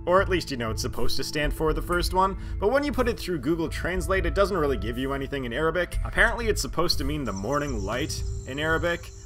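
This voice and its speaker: Male science host, raised pitch, chatty jokey explainer, bright edge. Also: very animated, fast, few pauses, soft background music. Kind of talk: casual science commentary.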